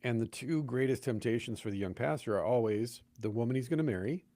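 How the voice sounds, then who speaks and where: A pastor with a medium-pitched voice talks a little fast on a dry recording. Chatting casually on a podcast, he tells stories with animation and acts out the voices of the people he quotes.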